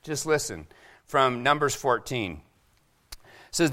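A man delivers a sermon with an animated, bright voice that sits a little high. He acts out the quoted voices as he talks. He is from Seattle. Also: unhurried. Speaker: pastor.

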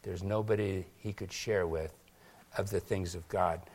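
A man preaching a sermon to his congregation in a conversational way, calling on people by name and swinging between loud emphatic peaks and quiet, slow stretches. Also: deep voice, steady tone. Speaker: pastor.

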